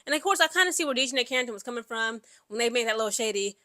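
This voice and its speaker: A woman's voice: fairly high pitch, very fast, dry recording. A young woman, giving casual, chatty sports commentary full of fillers and reading an article aloud. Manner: chatty, animated, many "like" and "you know" fillers.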